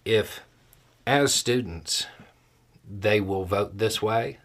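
Husky-voiced man giving political commentary. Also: lowish voice, drawn-out words, a bit bright.

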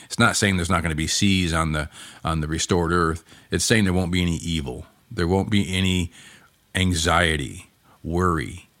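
A man teaching on a Bible passage for his podcast, earnest and unhurried, often restarting his sentences. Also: deep voice, fairly bright tone, dry recording. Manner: slow, earnest, with many restarts and pauses.

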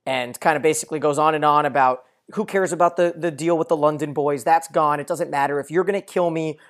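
Podcast co-host, casual TV recap, opinionated, long run-on explanations, mid pitch. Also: fairly even intonation, fast.

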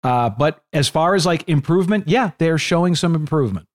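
Analytical male podcast co-host, slightly high voice. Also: animated, a little fast, no room sound, clean studio sound. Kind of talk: casual wrestling podcast chat.

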